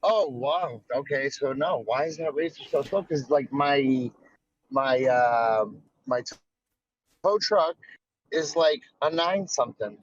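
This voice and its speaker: An American man calling in while driving, talking in a casual chat, animated and stumbling. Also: mid-range voice, takes it slowly, dull audio. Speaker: caller from the audience.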